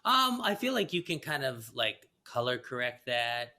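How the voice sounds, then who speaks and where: A man's voice: medium pitch, very animated, normal speed, bright, forceful tone. A man hosting a podcast interview, talking in a loose, rambling way full of fillers. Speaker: podcast host.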